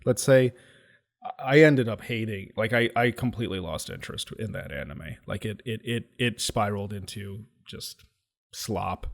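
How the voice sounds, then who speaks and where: A man's voice: lowish voice, moderate pace, vocal fry. A man co-hosting an anime review show in casual chat, rambling and laughing often.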